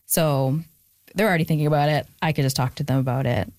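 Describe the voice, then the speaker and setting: Low-voiced woman, reflective interview guest. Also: fast talker, darkish tone, no room sound, studio quality. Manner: reflective, many fillers, gets emotional. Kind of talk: casual interview conversation.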